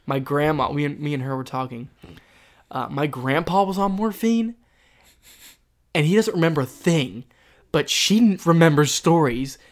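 A young man telling a story in casual chat, rambling and halting with many fillers and restarts. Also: on the high side, lively intonation.

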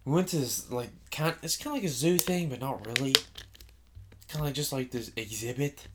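A man's voice: mid-range voice, moderate pace, heavy background noise. A young man in casual chat, talking in a laid-back, matter-of-fact way.

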